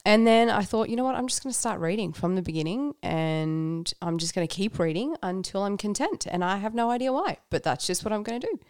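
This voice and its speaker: A woman's voice: mid-range voice, animated, fairly quick, few pauses, darkish tone, smooth, no echo, clean studio sound. A woman speaking candidly and reflectively in a casual conversation about her faith, often laughing and using fillers. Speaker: guest.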